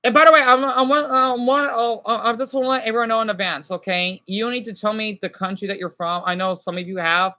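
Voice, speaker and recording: A woman hosting a casual livestream, talking to her viewers in a loose, rambling way. She often restarts her sentences and fills gaps with "you know." Her voice sits a little on the high side. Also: fairly even intonation, quick pace, hardly any pauses, pushed and bright, dull audio. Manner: rambling, answers chat messages, many "you know" and restarts. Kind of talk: casual live chat.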